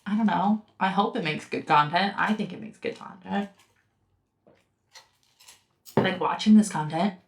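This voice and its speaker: A woman's voice: lowish voice, normal speed, pauses often. A young woman reviewing a book in casual commentary, heated and sarcastic, swearing often. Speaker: book reviewer and podcast host.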